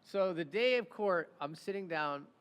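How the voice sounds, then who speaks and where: A man who works as a criminal defense attorney and hosts a podcast, telling stories in an animated, casual way. He keeps asking "right?" and acts out the people in his stories. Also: high-pitched, a little slow, clean tone, long reverb tail. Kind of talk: casual storytelling chat.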